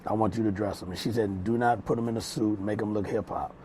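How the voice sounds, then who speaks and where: A music producer and mix engineer tells stories in a casual interview in a small studio room, his voice on the low side, steady, quick, and a little mellow. There's a little hiss or hum, and his talk is loose and rambling, with street slang and restarts.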